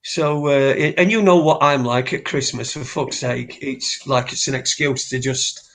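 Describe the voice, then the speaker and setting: A man's voice: mid-range voice, moderate pace, creaky, a bit bright. A man co-hosting a casual live stream, rambling with lots of swearing, fillers and restarts. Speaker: co-host.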